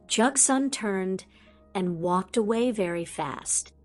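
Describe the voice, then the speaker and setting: A woman narrates a fan audiobook in a steady, scripted reading voice. Her pitch sits in the middle of the female range. Faint music plays under her. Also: unhurried.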